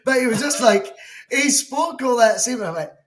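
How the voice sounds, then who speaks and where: A man's voice: very high-pitched, animated, moderate pace. A Scottish man co-hosting a football podcast, ranting animatedly, swearing and mimicking people in mock quotes. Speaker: podcast co-host. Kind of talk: casual football chat.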